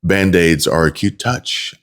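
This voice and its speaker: Deep-voiced man in mocking commentary. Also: slow pace, a bit bright. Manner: mocking, sarcastic. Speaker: commentary channel host. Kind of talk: political commentary voice-over.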